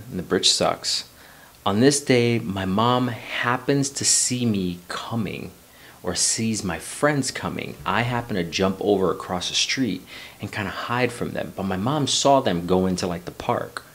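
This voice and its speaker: A man in his forties from New York City telling a personal story in a loose, rambling way, swearing casually and drifting into life lessons. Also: low-pitched. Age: 40s. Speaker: vlogger.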